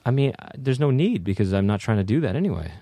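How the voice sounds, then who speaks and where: A young man chatting as a podcast guest, teasing and deadpan, with slow pauses, in a studio. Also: medium pitch, no room sound. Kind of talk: joking casual chat. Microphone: studio mic.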